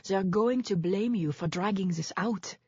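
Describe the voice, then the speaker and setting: A woman's voice: medium pitch, a little slow, a little mellow, breathy edge, no echo. A woman voicing a male defense lawyer who presses his client in an urgent, pleading way, recorded dull and dry.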